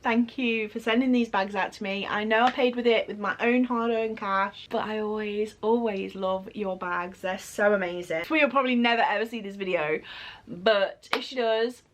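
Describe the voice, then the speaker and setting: A woman, gushing excitedly as she unboxes makeup in a casual vlog. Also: medium pitch, normal speed. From United Kingdom. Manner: gushing and excitable, with gasps and exclamations. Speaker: beauty vlogger.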